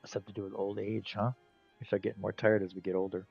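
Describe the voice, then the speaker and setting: A man's voice: on the low side, fast talker, gravelly, breathy edge. Tired, stuffy-nosed man gaming. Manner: relaxed, rambling, talks to himself. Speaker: game streamer. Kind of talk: casual gameplay commentary. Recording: dull lo-fi audio, faint game music.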